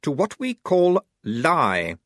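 A man voicing a fussy, prim young army officer who talks in a brisk, precise, self-satisfied way. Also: a little high, huge pitch swings, fairly bright tone, no echo, studio quality, pitched above the performer's own voice, heavily acted. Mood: crisp. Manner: brisk, precise, pleased with himself.

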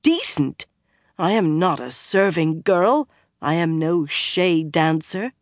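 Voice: mid-range voice, sing-song, slow pace, dry recording, clean studio sound. Narrator doing a blunt, stiff foreign woman officer.

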